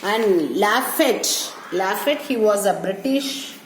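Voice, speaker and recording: A woman teacher giving a history lecture, halting and restarting her phrases and repeating dates as she explains. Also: medium pitch, animated. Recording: echoey room with faint hum.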